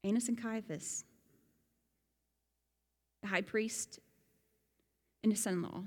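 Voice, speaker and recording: A woman giving a Bible lesson, animated and fond of rhetorical questions. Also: mid-range voice, takes it slowly, in a large hall. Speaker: Bible teacher. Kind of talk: sermon-style Bible lesson.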